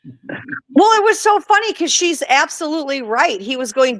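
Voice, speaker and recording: Woman, from Michigan, animated storyteller, fairly high pitch, dry close sound. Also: moderate pace, dry recording. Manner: animated storyteller, laughing often. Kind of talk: casual chat.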